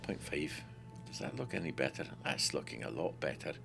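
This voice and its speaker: A man giving a casual screen-recorded software tutorial, excitable and talking to himself with playful swearing. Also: extremely low pitch, moderate pace, creaky, over music.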